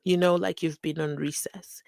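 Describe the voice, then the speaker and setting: A woman's voice: low-pitched, steady tone, moderate pace, creaky, a little mellow, no echo. A young woman from Namibia, hosting a chatty, sarcastic commentary channel that reacts to a court trial. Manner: chatty, sarcastic, acts out the people she quotes.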